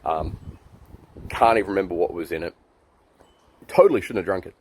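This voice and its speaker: A man's voice: deep voice, expressive, brisk, darkish tone, slight background noise. A man in his forties with an Australian accent, telling a long, rambling anecdote to a friend, chuckling and full of fillers. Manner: chuckling, loose storyteller with many fillers. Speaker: friend giving a birthday message.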